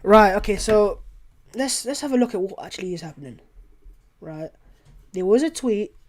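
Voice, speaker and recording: A man's voice: high voice, animated, moderate pace. A young man hosting a casual live watchalong stream, reading chat and reacting in an exasperated, emotional way, often repeating himself.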